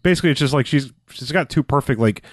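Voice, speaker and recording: A man's voice: mid-range voice, quick pace, no room sound, studio quality. A man casually recapping a movie plot as a podcast co-host, rambling with lots of "like"s and a sardonic edge. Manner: rambling, many "like"s and restarts, sardonic.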